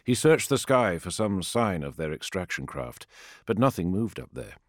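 A man narrating an audiobook in a measured, grave storytelling manner, recorded on a close studio microphone. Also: low-pitched, sing-song, no echo. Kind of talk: scripted dramatic narration.

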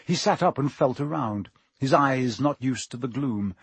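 A man narrating an audiobook with expressive, dramatic pacing. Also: medium pitch, moderate pace, husky, no room sound. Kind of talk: audiobook reading.

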